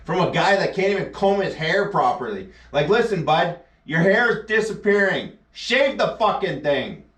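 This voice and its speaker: A man's voice: high-pitched, very animated, moderate pace, fairly bright tone. A man streaming live, ranting sarcastically and with heavy swearing while reacting to a news clip. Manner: profane, sarcastic, scornful. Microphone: action camera mic. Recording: echoey, distant from the mic.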